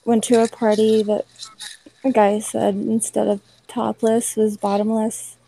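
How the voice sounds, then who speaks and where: Slow, gravelly-voiced giggly woman. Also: fairly high pitch, level tone, mellow, poor audio. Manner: giggly, hesitant storytelling. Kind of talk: casual chat.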